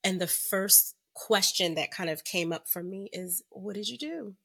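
Husky-voiced woman host. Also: mid-range voice, measured pace. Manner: affirming, frequent soft backchannels. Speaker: podcast host. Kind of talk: interview chat.

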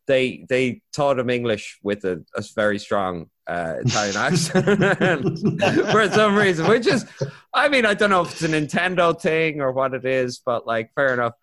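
Animated, swearing male podcast host. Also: mid-range voice, normal speed. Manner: swearing, laughing, animated rants. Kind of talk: casual chat.

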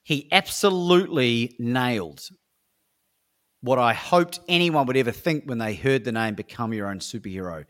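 This Australian speaker and coach talks at a normal speed with a medium-pitched voice. As an interview guest he tells lively stories with energy, voicing the dialogue himself and frequently starting over mid-thought.

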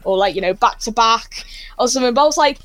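A woman telling a story as an interview guest, excitable and rambling, often laughing. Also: on the high side, quick pace, dry recording.

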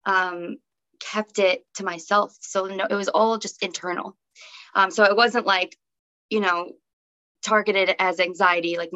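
A young woman talks through a personal story as a podcast guest, chatty and loose, with lots of "um" and "like". Her voice has a gravelly edge of vocal fry. The audio is dull and somewhat lo-fi. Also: mid-range voice, fairly bright tone. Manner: chatty, many fillers like "um" and "like". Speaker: podcast guest, breathwork teacher. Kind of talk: casual conversational storytelling.

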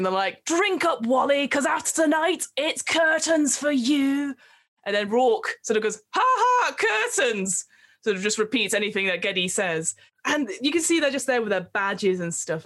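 A woman's voice: mid-range voice, a bit bright. A woman running a tabletop game as game master, with chatty, giggly narration full of fillers.

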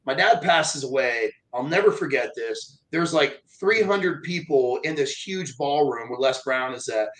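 Man, speaker, casual chat, acts out quotes, lively storytelling. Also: mid-range voice, unhurried, hardly any pauses, low-quality recording. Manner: animated, acts out quoted voices. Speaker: motivational speaker.

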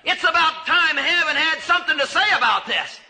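A man preaching a sermon with passion, swinging from loud cries to hushed low lines. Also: lively intonation, brisk, rough recording.

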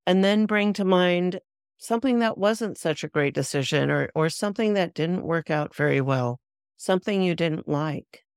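A woman hosting a spiritual podcast, explaining a practice in a calm, deliberate way and slowing down on key words. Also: lowish voice, clear, resonant tone, no echo, studio quality. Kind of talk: instructional spiritual talk.

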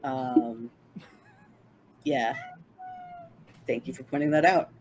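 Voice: medium pitch, very animated, slow pace, vocal fry, darkish tone, highs cut off, slight background noise. An eager player in a tabletop role-playing game, talking casually and swearing freely.

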